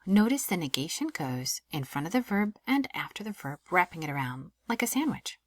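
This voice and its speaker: A woman French teacher giving a casual recorded lesson, lively and often dropping into a breathy near-whisper. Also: fairly low pitch, brisk, no room sound, studio quality.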